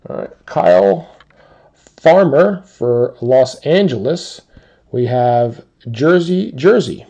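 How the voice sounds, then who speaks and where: A man hosting a live sports card break, calmly listing teams and players as he opens packs. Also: mid-range voice. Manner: slow, relaxed listing of teams and cards.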